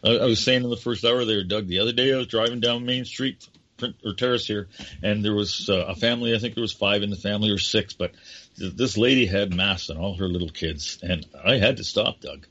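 A man's voice: on the low side, a little fast, sharp tone. An older man hosting a talk show, rambling and impassioned, often calling his guest by name. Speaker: radio show host. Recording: dull lo-fi audio.

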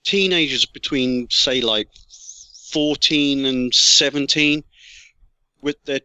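A man's voice: medium pitch, slow, pushed and bright, clear, resonant tone, no echo, rough recording. A man in a casual discussion who talks in an indignant, emphatic way.

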